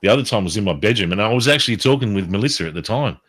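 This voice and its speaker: Rapid-fire and fairly low-pitched, a livestream host launches into a casual story, full of constant swearing. He's animated throughout and acts out what everyone said.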